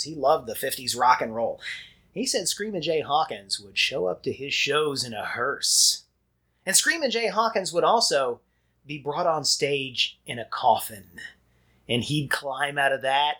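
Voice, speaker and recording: A man's voice: fairly high pitch, pushed and bright, husky. An American man co-hosting a podcast in casual chat, enthusiastic and knowledgeable. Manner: enthusiastic, knowledgeable, quick to laugh. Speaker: podcast co-host.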